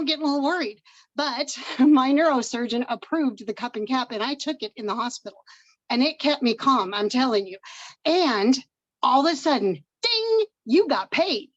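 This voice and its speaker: High-voiced older woman, emphatic testimony. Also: no room sound, highs cut off. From Washington State. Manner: emotional, upbeat and emphatic. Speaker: guest presenter. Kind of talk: personal testimony on a business call. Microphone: video call.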